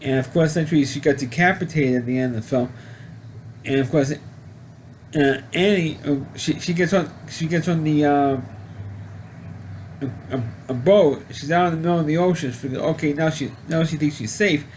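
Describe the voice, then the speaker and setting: Male film reviewer, higher-pitched, halting and rambling casual delivery. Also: a little mellow, a little hiss or hum. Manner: rambling, halting, with frequent restarts. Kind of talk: casual spoken movie review.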